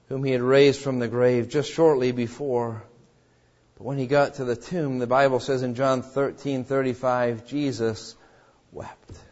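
A man preaching a sermon with deep emotion. He swings between loud cries and hushed low tones and acts out the quoted voices in his story. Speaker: pastor. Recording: dull lo-fi sound.

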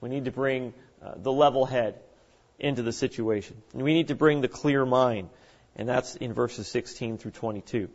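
A man preaching a sermon in an animated way, acting out the voices of the people he quotes. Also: mid-range voice, moderate pace. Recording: dull lo-fi recording.

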